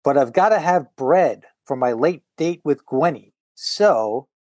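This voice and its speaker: A man's voice: on the high side, lively intonation, a little slow, a little mellow, dry recording, clean studio sound. A man voicing a wisecracking young photographer hero as he reads a comic aloud. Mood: wry.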